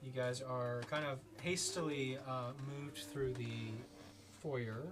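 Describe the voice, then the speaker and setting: A woman running a tabletop game as game master, chatty and laughing in quick banter with her players. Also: a bass voice, fairly even intonation.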